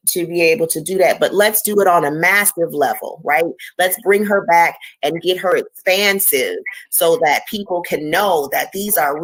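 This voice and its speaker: Give me a woman talk-show host with a lowish voice and a passionate, preacher-like drive, dropping casual slang as she hypes up her guest. The sound is close and dry, with no room around it. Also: fairly bright tone, no room sound, low-quality recording. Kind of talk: emotional interview chat.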